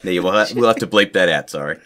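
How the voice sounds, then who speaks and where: Low-voiced Australian podcast guest. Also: male voice, very fast, fairly bright tone. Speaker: podcast guest, tutorial creator. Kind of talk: casual podcast chat.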